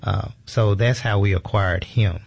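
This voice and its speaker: A man's voice: fairly low pitch, fairly even intonation, unhurried, vocal fry, a little mellow. A man working as a museum educator, a guest on a radio interview who explains things in an easygoing way.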